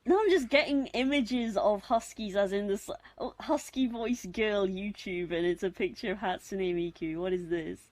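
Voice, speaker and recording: A woman with a posh British accent and a husky, deepish voice, chatting casually on a late-night stream in a rambling, giggly, self-mocking way. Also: moderate pace, hardly any pauses, darkish tone, no room sound. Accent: posh British English. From Britain. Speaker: live streamer.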